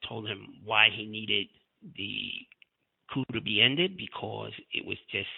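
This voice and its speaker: A man's voice: on the low side, vocal fry, slightly rough. A man recounting a meeting in an interview, in long run-on sentences. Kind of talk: interview recollection. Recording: tinny phone-like line.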